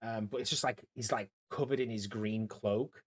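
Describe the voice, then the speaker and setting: A man's voice: on the low side, steady tone, moderate pace, a crowd in the background. A man narrating as game master for a tabletop game, talking loosely with lots of fillers and restarts. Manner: rambling, many fillers and restarts.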